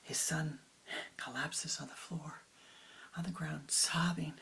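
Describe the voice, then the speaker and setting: Spiritual teacher lady telling a story in a dharma talk, super slow, half-whispered, gravelly. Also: sits low, steady tone, a bit bright, slight background noise, rough recording.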